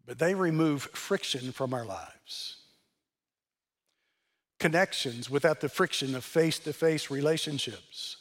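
A man's voice: a little high, unhurried. Earnest older man preaching bluntly. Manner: earnest and blunt, with dry sarcasm. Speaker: speaker delivering a message. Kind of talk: sermon-style address.

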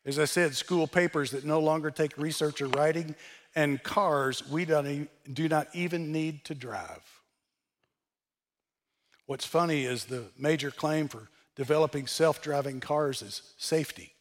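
Older male speaker, slightly high voice, blunt sermon-style delivery with dry sarcasm. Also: unhurried.

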